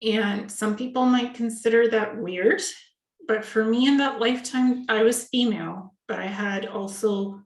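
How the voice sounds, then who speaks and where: A woman with a somewhat high voice talks casually in an interview, chatty and anecdotal, slipping into the quoted voices of relatives. The sound is roomy and echoey. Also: steady tone, measured pace. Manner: chatty, tells family anecdotes with quoted dialogue. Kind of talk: casual video-call interview. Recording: echoey room.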